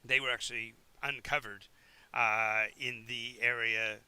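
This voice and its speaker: A man leads a tabletop game on a live stream, describing lands and map details as game master. His voice is very bright and clean. He often stops and restarts mid-sentence while he looks things up. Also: medium pitch, fairly even intonation, smooth, no room sound. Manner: halting, with many restarts and fillers while checking the map.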